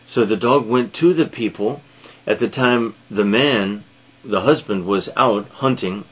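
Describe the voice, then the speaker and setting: A man retelling an old animal fable aloud, pausing often with fillers and restarts. His voice sits low and he takes it very slowly. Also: husky. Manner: halting, with frequent fillers. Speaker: storyteller. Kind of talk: read-aloud storytelling.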